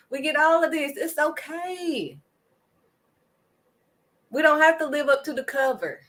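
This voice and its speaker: A woman's voice: high voice, a bit bright. A woman giving an impassioned faith talk to her viewers, emphatic and preachy, driving points home with a firm "period.". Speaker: faith vlogger.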